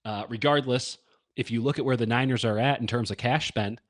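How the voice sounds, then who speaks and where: A man co-hosting a casual sports podcast, with a voice of ordinary middle pitch. He talks in a wry, self-deprecating way and keeps slipping jokes in between his points. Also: fairly quick. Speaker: podcast co-host.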